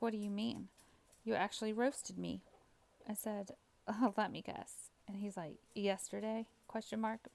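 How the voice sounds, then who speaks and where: A woman teacher with a gravelly, darkish, medium-pitched voice casually recounts an online chat in a storytime vlog. She reads the messages aloud and often laughs as she goes.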